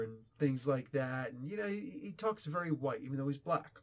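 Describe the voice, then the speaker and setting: A man in his forties giving a casual, opinionated comic book review, animated and sarcastic. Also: on the high side, normal speed, few pauses. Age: 40s. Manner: animated, ranting, sarcastic asides.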